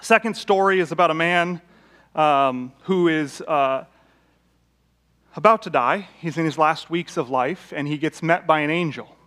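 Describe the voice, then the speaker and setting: A man's voice: fairly high pitch, a little slow, a bit bright. A man preaching a sermon, telling illustrative stories in a conversational way, with fillers and restarts. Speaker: pastor. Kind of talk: sermon with storytelling.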